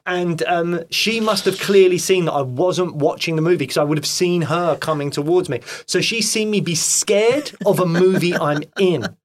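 A man chatting casually as a guest actor, telling animated stories with lots of fillers and "mate". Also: high voice, moderate pace, hardly any pauses. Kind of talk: casual chat.

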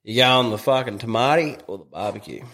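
An Australian man co-hosting a podcast, firing off blunt quick quips in casual banter. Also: on the low side, expressive, a bit bright. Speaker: podcast co-host.

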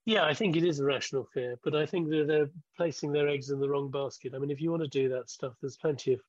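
Interview guest, man in his sixties. Measured, restarts his thoughts. Dry, dull lo-fi sound. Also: fairly high pitch, steady tone, dry recording. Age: 60s. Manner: measured, thinks aloud with restarts. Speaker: guest, former broadcaster. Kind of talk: conversational interview.

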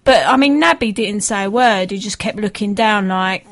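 A woman's voice: mid-range voice, moderate pace. A woman co-hosting a football radio show, reading out listener emails and chatting with many fillers. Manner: chatty, laughing, hesitant. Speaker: radio co-host.

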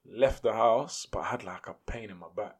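A man, a podcast guest telling a story in casual, slangy, animated speech. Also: lowish voice, moderate pace, breathy edge.

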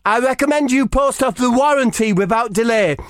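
A man's voice: very high-pitched, a little fast, fairly bright tone, no room sound, clean studio sound, voice pushed up. A man voicing a fussy, preachy male football manager who lectures his players. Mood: lecturing. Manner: pompous, lecturing.

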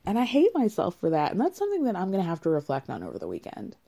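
A woman's voice: mid-range voice, huge pitch swings, racing, warm tone. A woman casually recapping a reality show, candid and rambling, with frequent laughs.

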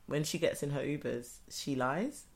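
A woman's voice: deep voice, normal speed, vocal fry. A young woman co-hosting a casual chat podcast, telling stories and acting out what people said. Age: young adult. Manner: animated storytelling, acts out quotes, laughs often. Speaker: podcast co-host.

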